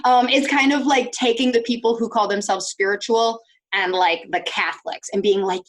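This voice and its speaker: A woman hosting a podcast, talking in an animated, chatty way with lots of "like"s. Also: a little high, moderate pace. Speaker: podcast host. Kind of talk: casual conversation.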